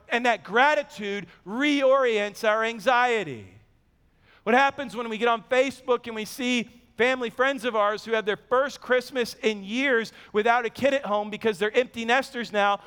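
Pastor guy in his 30s, pretty high voice, chatty storytelling sermon w lots of self-poking humor, big echoey church hall. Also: fairly bright tone, clean tone. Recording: long reverb of a large hall.

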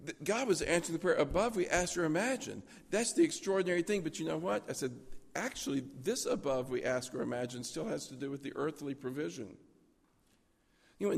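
Gravelly-voiced pastor preaching in a reverberant hall. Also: male voice, a little high. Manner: storytelling, earnest, drops to a hushed voice for prayers. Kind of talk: sermon.

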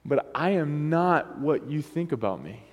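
A man preaching as pastor has a slightly high, somewhat mellow voice with big pitch swings, and he speaks a little slowly. He keeps it conversational and often invites the congregation to answer him. The church recording carries a long hall reverb.

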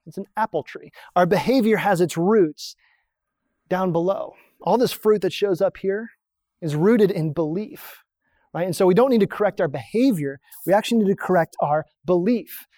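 A pastor talks a congregation through a diagram in a relaxed, conversational sermon. The voice sits in a middle register and is recorded dry and close, with no room echo. Questions are posed and then answered in a plain teaching manner. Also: mid-range voice, moderate pace. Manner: explains points on a drawn diagram, asks rhetorical questions.

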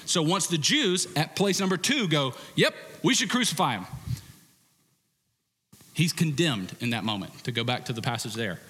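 A male preacher giving an animated, conversational sermon with frequent restarts. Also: fairly high pitch, fairly quick, hardly any pauses, breathy edge. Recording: reverberant hall.

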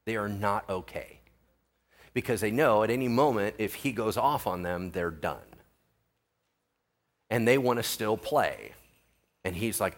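A male pastor preaching in a lively, conversational way. His pitch rises and falls a great deal, and he keeps turning to the congregation with quick asides and questions. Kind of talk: sermon.

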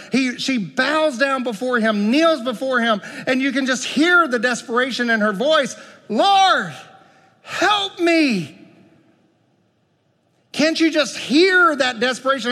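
A male pastor preaching a sermon, moving between loud pleading and quiet, conversational asides. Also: extremely high pitch, in a large hall.

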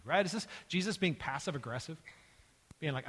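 A man preaching a sermon in an animated storytelling way, acting out the lines of the story and then falling to hushed tones. His voice is a little husky and sits on the higher side. The sound rings with the long reverb of a hall. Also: brisk. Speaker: pastor.

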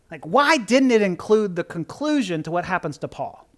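Preacher, playful and expressive, lively pitch; delivers a conversational sermon with sudden loud bursts. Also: brisk. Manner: animated, joking, swings from quiet asides to loud outbursts. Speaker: pastor.

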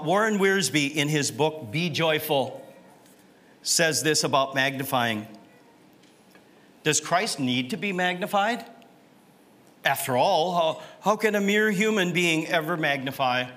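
A middle-aged man preaching from the pulpit, slow and deliberate in pace. His voice is bright and forceful. He keeps putting questions to the congregation and tags his points with a quick "right?". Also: on the high side. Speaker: pastor. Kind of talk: sermon.

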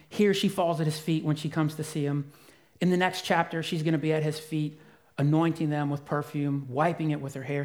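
A man preaching a sermon as pastor, earnest and emphatic, dropping to a soft voice for quiet moments. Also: on the high side.

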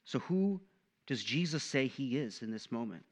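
A young man preaching a sermon in a conversational, animated way, often tossing in "right?" to the listeners. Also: medium pitch, moderate pace. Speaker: pastor.

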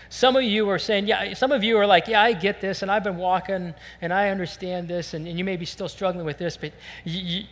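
An earnest male pastor delivers a sermon at a church service, his voice high and bright. He preaches with animation and drops into heartfelt prayers spoken in the first person. A long reverb from the church hall trails behind him.

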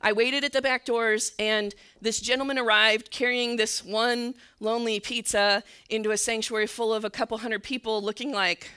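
A woman church leader telling a story in a sermon, earnest and sometimes dropping to a soft near-whisper. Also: a little high, steady tone, moderate pace, few pauses, smooth.

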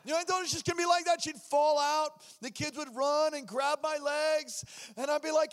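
Brief: male preacher, high voice, animated storyteller who acts out voices. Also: a little fast. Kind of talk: sermon testimony.

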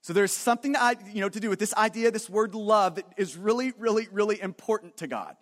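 High-voiced emphatic male pastor. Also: fast talker, a bit bright, in a large hall. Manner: emphatic, repetitive, with many restarts. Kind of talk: sermon.

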